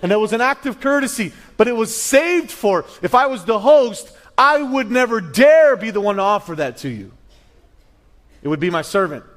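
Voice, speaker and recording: Guy preaching, high-pitched, tells the story with lots of restarts and little acted voices. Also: moderate pace. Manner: animated storytelling, acts out voices, many restarts. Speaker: pastor. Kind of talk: sermon.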